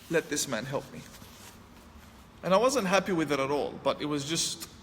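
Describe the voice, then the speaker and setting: A man's voice: fairly high pitch, a bit bright. A man telling a personal story to an audience, acting out his own past lines with a sharply raised voice. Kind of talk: storytelling talk. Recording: long hall reverb, faint ambient noise.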